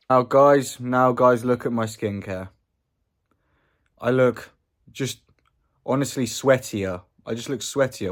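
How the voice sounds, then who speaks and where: A man's voice: medium pitch, a little mellow. A man talking casually in a vlog, rambling and joking, often trailing off into mumbled asides. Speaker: vlogger.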